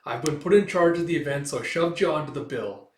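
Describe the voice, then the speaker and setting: A man playing a jovial veteran storyteller master who booms with laughter. His lines come out hearty and loud, pitched a little above an everyday voice. The recording has a roomy echo. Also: quick pace, natural voice.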